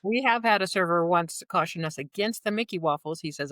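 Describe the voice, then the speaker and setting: A woman's voice: on the low side, fairly quick, fairly bright tone, dry recording, clean studio sound. A woman on a podcast, chatting casually in a hesitant way, with fillers and trailing phrases. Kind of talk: casual chat.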